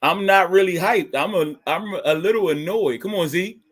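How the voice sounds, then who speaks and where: A young man hosting a live stream, reacting to a game as it plays and talking to his chat with excitement and laughs. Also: sits high, moderate pace, breathy edge. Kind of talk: live fan commentary on a game.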